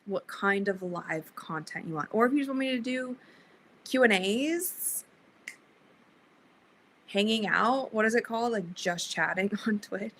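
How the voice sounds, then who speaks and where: A woman's voice: medium pitch, expressive, measured pace, pauses often, a bit bright, slight background noise, low-quality recording. A young woman hosting a casual livestream, chatting with viewers, reading their comments aloud and laughing often, a bit sleepy. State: sleepy, yawning. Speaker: livestream host.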